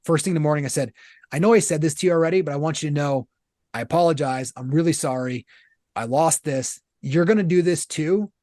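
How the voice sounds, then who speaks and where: A man in his thirties giving candid interview answers, blunt and animated, with casual swearing. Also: a little high, fairly quick, no echo, clean studio sound. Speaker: guest, author and business founder.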